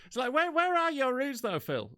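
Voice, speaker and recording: Bright, animated male comedy host. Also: very high voice, moderate pace. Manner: animated, laughs often, swears freely. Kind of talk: swearing banter on a video call. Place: at home. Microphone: video call.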